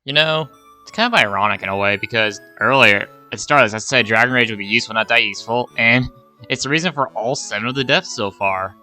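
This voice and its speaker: A man's voice: mid-range voice, fast, bright, forceful tone, faint music behind. A young man giving a rambling, casual play-by-play of a video game run, swearing and sighing at his losses. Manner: rambling play-by-play, swears, sighs when frustrated. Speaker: gaming YouTuber.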